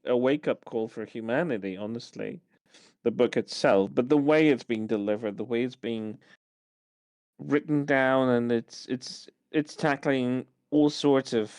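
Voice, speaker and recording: A man talks casually on a podcast with a smooth, resonant voice recorded dry and close. He often stalls and repeats small words before finishing a thought. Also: medium pitch, darkish tone, no echo. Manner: repeats words while searching for them. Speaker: podcast co-host. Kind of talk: casual chat.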